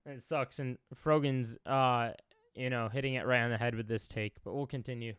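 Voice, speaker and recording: A man's voice: mid-range voice, steady tone, moderate pace, a bit bright, clear, resonant tone, no echo. A young man from Chicago, a streamer reacting to clips, talking in an emotional, rambling way with many fillers.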